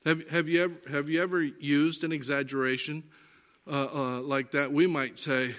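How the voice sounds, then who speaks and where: A man teaching through Bible passages, reading verses aloud and explaining them with lively, varied inflection. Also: on the high side, moderate pace. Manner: animated, varies inflection and reads scripture aloud.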